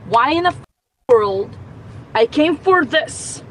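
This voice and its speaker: A woman's voice: high voice, expressive, takes it slowly, slight background noise, poor audio. Exasperated woman ranting in a car. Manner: exasperated, swearing, rising to outbursts. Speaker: nail tech venting as a customer. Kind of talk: casual rant to phone camera.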